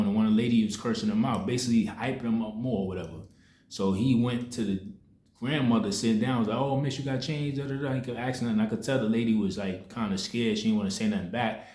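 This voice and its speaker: A young man with a slightly low voice tells a story in relaxed street slang, circling back and restarting as he goes. His voice rings around a bare, echoey room, giving it a roomy, hollow sound. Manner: loose street slang, rambling retelling with many restarts. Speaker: spiritual content creator. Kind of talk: casual spoken storytelling.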